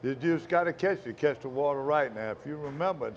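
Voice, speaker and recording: Man, fishing show host, rambling folksy chat, slightly high voice. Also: a little fast, dull audio, a little hiss or hum. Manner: rambling, folksy, talks with mouth full. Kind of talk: casual chat.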